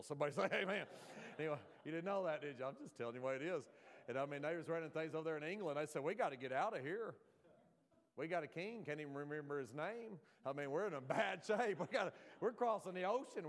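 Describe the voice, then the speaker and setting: A man with a Southern American accent, preaching a folksy sermon full of jokes and asides to the congregation. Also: fairly high pitch.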